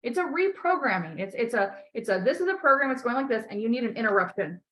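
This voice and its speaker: A woman's voice: a little high, very animated, fast talker, a bit bright. A woman life coach on a call, talking bluntly and emphatically, swearing often and repeating key phrases to encourage her client.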